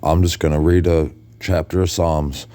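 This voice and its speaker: A very deep, dark-toned man speaks from a hotel bed, worn out and drained. He rambles, stops and corrects himself as he chats late at night to the people who follow him. The sound is close and dry. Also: level tone, normal speed, clear, resonant tone, no echo. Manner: rambling, with restarts and self-corrections. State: exhausted and drained. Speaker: video blogger addressing his followers. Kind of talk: casual late-night talk to camera. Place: hotel room, lying in bed.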